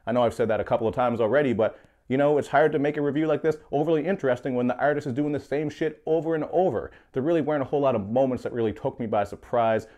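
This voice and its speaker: A young man giving a casual rant review of a mixtape, joking and swearing with animated asides. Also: mid-range voice. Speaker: music reviewer.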